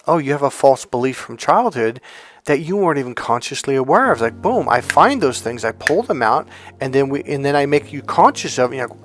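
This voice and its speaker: A relationship coach with a slightly high voice gives a lively, forceful motivational monologue, regularly performing the voices of other people.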